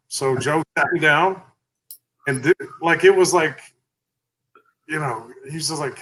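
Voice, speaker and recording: A man's voice: a little high, normal speed, poor audio. A man, a company founder telling stories in a casual interview, salty and full of "like" and "you know". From Texas. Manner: animated storyteller, salty, lots of 'like' and 'you know'.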